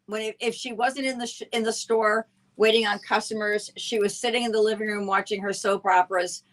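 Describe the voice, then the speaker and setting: A woman's voice: mid-range voice, steady tone, fairly quick. A woman hosting a casual chat, talkative and teasing. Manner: chatty, warm teasing, laughs often. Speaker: show host.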